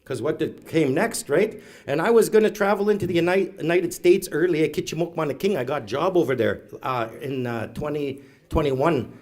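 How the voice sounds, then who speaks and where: A man, a stand-up comedian telling stories on stage with deadpan asides. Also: a little high, fairly quick. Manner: storytelling, deadpan asides, laughs at own jokes. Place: live event hall, audience.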